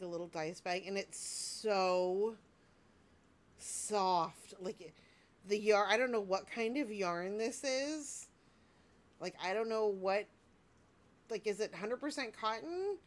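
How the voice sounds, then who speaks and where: Excitable woman vlogger in her thirties, gushing, rambling casual talk to her viewers. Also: medium pitch. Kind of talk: casual unboxing chat.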